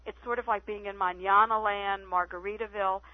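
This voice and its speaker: A woman guest telling stories on a phone-in radio interview, chatty and animated. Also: mid-range voice, fairly quick, no echo. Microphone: telephone. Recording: tinny phone line, dry.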